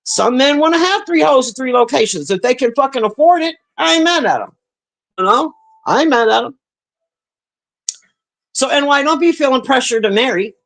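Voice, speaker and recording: A woman's voice: high-pitched, animated, moderate pace, pauses often, a bit bright. Brief: woman streamer, blunt and profane, chatting straight to her viewers, sighing between points. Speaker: livestreamer reading chat. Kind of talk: casual livestream rant.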